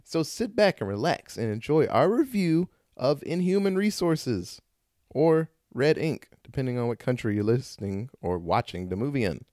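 A man hosting a casual horror-movie podcast, animated and joking. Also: mid-range voice, moderate pace, no echo, studio quality. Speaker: podcast host.

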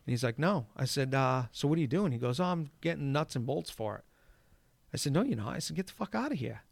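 A man tells a rambling story in casual chat, swearing freely and acting out the shouted lines. His voice sits at an ordinary middle pitch. The recording is dry and close, with no room sound. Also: fast, gravelly, dry recording. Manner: profane, animated, acts out shouted quotes. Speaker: golf course superintendent.

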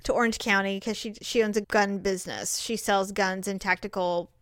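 A woman's voice: medium pitch, steady tone, normal speed, a bit bright, dry recording, studio quality. A woman in her thirties chatting casually as co-host, telling stories animatedly and acting out quotes with laughs. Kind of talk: casual chat, storytelling.

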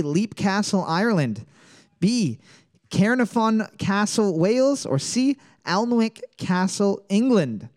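Hosting a casual trivia night, a woman reads each question twice and fires crude, teasing jokes at her co-host. Her mid-range voice is lively and bouncy.

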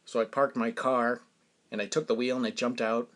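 Here a New England-accented man hosting a podcast has a mid-range, slightly bright voice with flat delivery at a moderate pace. He spins a rambling story in a casual monologue, amused at himself, chuckling a lot and muttering his asides.

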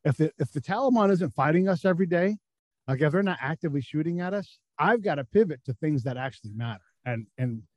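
Fast and animated, with a fairly high pitch and darkish tone, a middle-aged former intelligence officer recounts war stories as a casual interview guest. He's candid and profane and performs the voices of the people he quotes. The audio is poor, with no echo.

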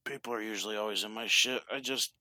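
A man's voice: on the low side, fast, sharp tone, no echo. A man in casual chat, telling a laid-back, profane story.

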